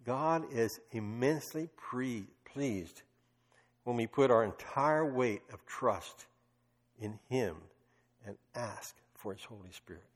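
Male preacher, sermon, emphatic storytelling, mid-pitched voice, long hall reverb. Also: takes it slowly. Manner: emphatic storytelling, with rising passionate bursts.

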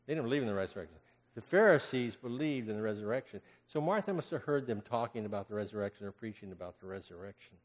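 A man's voice: fairly low pitch, expressive, fast. Preaching man in a reverberant hall. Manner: dramatic, swings from loud cries to hushed murmurs. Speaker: pastor. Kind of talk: sermon.

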